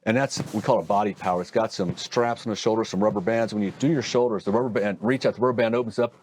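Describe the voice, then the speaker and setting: Deep-voiced man, folksy surgeon talk. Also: quick pace, slight background noise. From Oregon. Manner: folksy, animated explainer with asides. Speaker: hand surgeon guest. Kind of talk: conversational interview storytelling.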